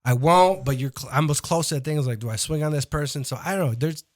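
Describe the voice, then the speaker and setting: A man's voice: on the high side, quick pace, no room sound, studio quality. A man, a comedian guest on a podcast, telling rambling, profane stories and acting out his own lines in casual chat.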